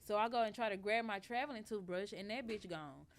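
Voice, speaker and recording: Animated woman telling a story. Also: mid-range voice, a little fast, a little hiss or hum. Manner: animated, profane, acts out quoted lines. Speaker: podcast guest. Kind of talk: casual storytelling.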